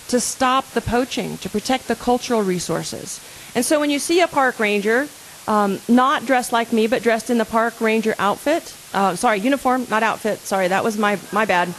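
Her voice leans high as she speaks for the park service, earnestly and conversationally questioning the people listening. There's a little hiss or hum, and the audio quality is poor.

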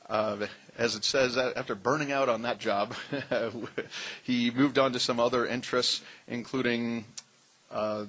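A man with a bright, slightly husky voice introduces panelists from his notes. He stumbles now and then over long titles and slips in wry asides as the panel's moderator. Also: on the low side, poor audio. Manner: reads bios with occasional stumbles and asides. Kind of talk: reading speaker introductions at a panel.

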